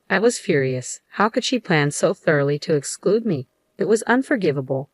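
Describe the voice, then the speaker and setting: A woman narrating a first-person story in a measured, even storytelling manner. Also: sits low, dry recording.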